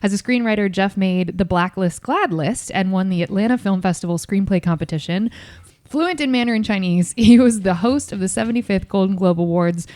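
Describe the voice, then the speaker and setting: A woman's voice: medium pitch, a little fast, darkish tone, dry recording. A woman from Ohio hosting a podcast, reading a guest's bio in a playful, teasing way and apologizing for her slips. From Ohio, USA. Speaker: podcast host. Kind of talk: reading a guest bio, then casual chat.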